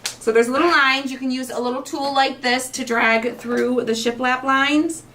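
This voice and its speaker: A woman's voice: high voice, steady tone, normal speed, a bit bright, a little hiss or hum. A woman in her forties hosting a craft show, chatting casually and gushing with emotion. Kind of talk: casual livestream chat while crafting.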